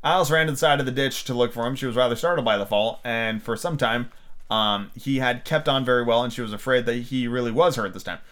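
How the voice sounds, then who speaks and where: A man's voice: medium pitch, quick pace, fairly bright tone. A man casually reading a book aloud as a podcast host, with fillers, slips and crude asides.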